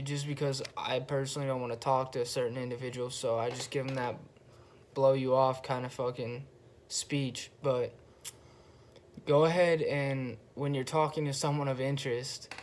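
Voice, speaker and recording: Flat-voiced young man musing casually. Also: medium pitch, slight background noise. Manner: slow, flat, relaxed delivery with pauses and frequent swearing. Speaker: podcast host. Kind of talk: casual monologue.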